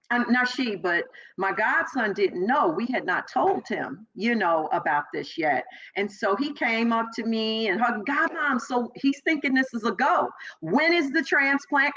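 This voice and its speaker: A middle-aged woman from Chicago, a former police officer, telling her story as an interview guest and acting out the voices of people she quotes. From Chicago, Illinois. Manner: animated, acts out quoted voices with big pitch jumps. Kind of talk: personal storytelling in conversation. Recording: slightly dull lo-fi audio.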